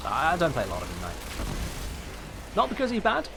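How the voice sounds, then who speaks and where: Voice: mid-range voice, huge pitch swings, unhurried, gravelly, background noise. A streamer chatting casually with viewers while playing a game live.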